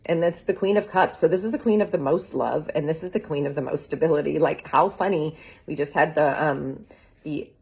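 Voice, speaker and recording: A woman's voice: low voice, a little fast, creaky, darkish tone, husky. A woman giving a chatty, enthusiastic tarot reading, full of "like" and "right?" and laughing often. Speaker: tarot reader. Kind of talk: casual tarot reading video. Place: real estate group's social video.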